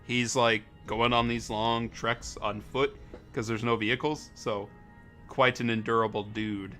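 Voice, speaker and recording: A man's voice: mid-range voice, little pitch movement, a little slow, sharp tone, faint music behind. A young man casually commenting on a game during a live stream, rambling, correcting himself and laughing a lot.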